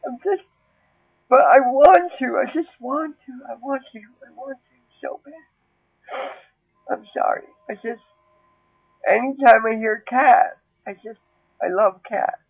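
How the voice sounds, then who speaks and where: A man voicing a nervous, cat-obsessed teenage girl puppet who talks haltingly and keeps welling up into tears. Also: fairly high pitch, no echo. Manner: halting, full of ums, breaks into tearful gushing. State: tearful. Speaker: puppet character. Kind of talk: comedic puppet monologue. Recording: tinny phone-like dry sound.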